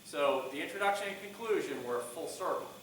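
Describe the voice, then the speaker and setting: Middle-aged male speaking coach, bright voice, questions his students, recorded from far off in an echoey classroom. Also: a little high, brisk, a little hiss or hum. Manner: asks the class questions, lively shifts in volume.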